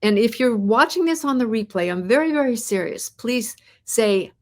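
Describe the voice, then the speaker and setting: A woman's voice: fairly high pitch, animated, moderate pace. A woman hosting a live podcast, talking to viewers and asking them many encouraging questions, often repeating words and restarting her phrases. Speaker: host.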